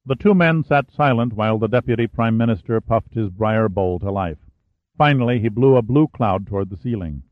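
A man reading a thriller novel aloud as narrator, steady and even. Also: lowish voice, normal speed, no room sound. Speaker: audiobook narrator. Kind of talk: scripted narration. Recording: phone-like narrow band, dry.

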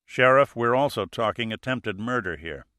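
A man voicing a calm, sardonic male adventurer who speaks firmly. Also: mid-range voice, normal speed, dry recording, clean studio sound. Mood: grave.

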